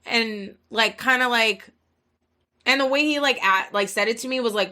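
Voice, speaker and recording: A woman in her twenties hosts a podcast and tells a long, rambling story, casual and full of filler words and profanity. Her voice is fairly high, pushed and bright, at a normal speed.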